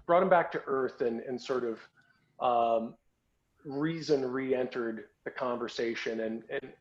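This man hosts a podcast and speaks at a measured pace in a mid-range voice. His storytelling is casual and conversational, with frequent false starts and repeated words, and the recording sounds dull and lo-fi.

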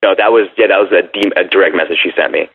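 A man's voice: deep voice, very fast, slightly rough. A man in casual chat, telling a brash dating story and acting out text messages. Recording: phone-like narrow sound.

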